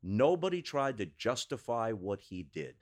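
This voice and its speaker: A man who is a sports broadcaster, speaking as a guest in a podcast interview, with articulate, measured and emphatic delivery in long rhetorical sentences. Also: mid-range voice, sing-song.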